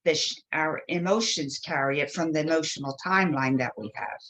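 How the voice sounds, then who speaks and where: A woman speaking as a guest in an interview, telling stories with lively acted-out quotes. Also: low voice, fairly quick, rough recording. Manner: animated storytelling with acted quotes. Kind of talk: conversational interview.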